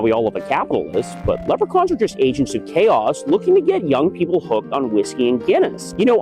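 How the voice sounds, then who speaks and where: A young man doing a comedic impression of a mock-serious male cable news pundit, speaking gravely with sudden laughs. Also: a little high. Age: young adult. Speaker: social media impressionist.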